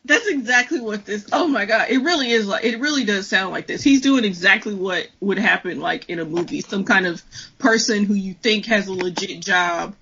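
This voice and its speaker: A woman's voice: medium pitch, moderate pace, sharp tone, highs cut off, a little hiss or hum. A woman co-hosting a podcast in casual chat, reacting with laughing, exasperated remarks. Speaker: podcast co-host.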